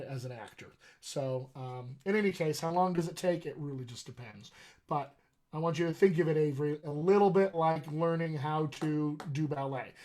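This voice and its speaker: A man's voice: a little high, darkish tone. A middle-aged man coaching actors on accents in a live question-and-answer session, chatty and enthusiastic. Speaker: dialect coach.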